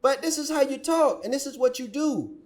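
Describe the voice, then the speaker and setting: A man's voice: very high voice, lively intonation, a little fast, a little mellow. A man hosting a reaction commentary, scolding and preaching as he rants. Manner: preachy, scolding, quotes scripture. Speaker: commentary channel host.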